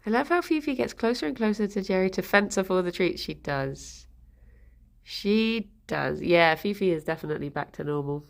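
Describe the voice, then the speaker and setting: A woman streams a cosy morning chat, reading messages aloud and softly cooing to her rabbits. Her mid-pitched voice has a noticeable gravelly fry running through it, and her talk stays loose and conversational. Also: fast, few pauses. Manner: chatty, reads and answers chat, coos to her rabbits. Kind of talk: casual livestream chat.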